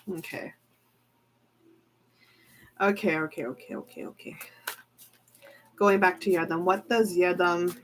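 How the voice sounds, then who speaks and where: A woman reading tarot cards in a casual, chatty way, excitable and giggly. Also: on the low side, a little hiss or hum, low-quality recording. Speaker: tarot reader. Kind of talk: casual chat.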